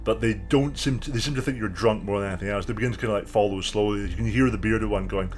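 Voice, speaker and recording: A man narrating as game master of a tabletop game, in a relaxed, descriptive way. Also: fairly low pitch, fast talker, hardly any pauses, soft background music.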